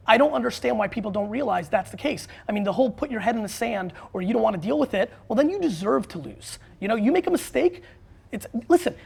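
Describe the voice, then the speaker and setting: A man guest in a studio interview, an author and marketer who talks bluntly and excitably, with quick restarts. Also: sits high, vocal fry, slightly rough. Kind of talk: animated interview talk.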